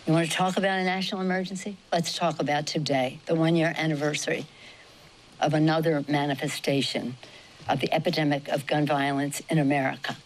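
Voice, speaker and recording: A woman politician giving a public statement, speaking deliberately with some stumbles. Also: low voice, steady tone, a little hiss or hum, low-quality recording. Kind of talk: public speech.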